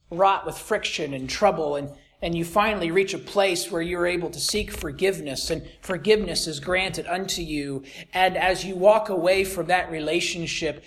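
A preacher gives a sermon at medium pitch, moving between loud, emphatic lines and soft, almost whispered ones. He repeats key phrases to drive them home.

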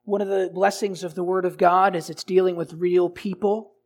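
A male pastor delivering a sermon, asking the congregation rhetorical questions and swinging between loud emphasis and quiet, low lines. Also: little pitch movement, normal speed.

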